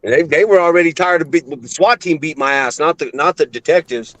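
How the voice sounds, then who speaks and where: A man's voice: on the high side, fairly quick, fairly bright tone, slight background noise, poor audio. A man telling blunt, profane stories in casual chat, calling others bro.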